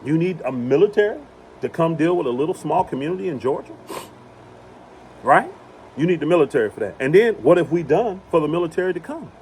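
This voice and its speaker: A man's voice: a little high, animated, brisk, a little mellow, a little hiss or hum. A man giving an impassioned religious talk outdoors on his property, hammering points home by repeating them. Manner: emphatic, repeats phrases for emphasis. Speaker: preacher.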